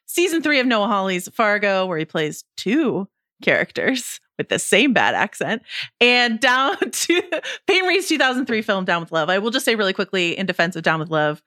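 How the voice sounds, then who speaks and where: A woman's voice: medium pitch, sing-song, normal speed, bright, forceful tone. A woman co-hosting a movie podcast in a playful, teasing way, often laughing as she talks. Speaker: podcast co-host. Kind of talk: casual podcast chat.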